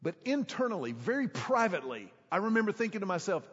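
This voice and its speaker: A middle-aged man, preaching a sermon as a pastor, telling a story emphatically and stretching key words slowly for drama. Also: high voice, very animated, slightly rough. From Houston, Texas. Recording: echoey hall, dull sound.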